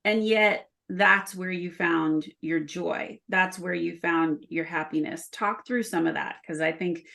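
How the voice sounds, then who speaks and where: A woman's voice: fairly low pitch, unhurried, vocal fry, bright, forceful tone. A woman hosting a podcast, drawing out her guest's story. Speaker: podcast host. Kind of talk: interview.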